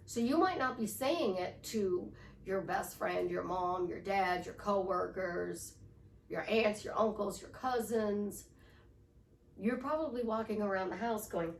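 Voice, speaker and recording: A woman's voice: medium pitch, moderate pace. A woman life coach giving a casual motivational talk, chatty and storytelling, repeating affirmations. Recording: echoey room from far off.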